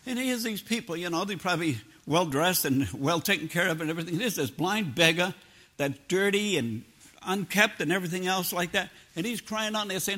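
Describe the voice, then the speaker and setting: An older man preaches in a homespun, plain-spoken style, weaving personal stories together with scripture and slipping into everyday grammar. His voice sits high, brisk and sharp.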